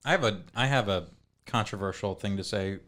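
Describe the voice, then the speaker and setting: Male podcast co-host, lowish voice, teasing and profane. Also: fairly quick, a bit bright. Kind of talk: casual chat.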